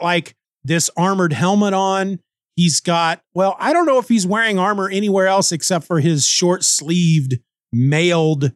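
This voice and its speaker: A man hosts a casual comic book review, rambling and cracking jokes as he thinks aloud. His voice sits a little high. The recording is dry and close, with no room sound. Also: a bit bright, dry recording. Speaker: podcast host.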